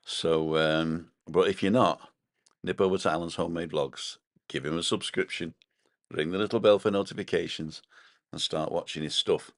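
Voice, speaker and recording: A man's voice: low voice, fairly even intonation, normal speed, dry recording, clean studio sound. A man co-hosting a casual live stream from his balcony, rambling chattily and reading out viewer comments. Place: home balcony.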